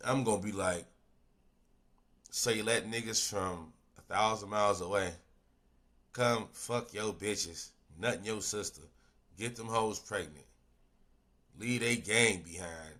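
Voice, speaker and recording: A man's voice: lowish voice, unhurried, long pauses, pushed and bright. A man streaming a reaction video with casual, profane commentary, firing off rhetorical questions.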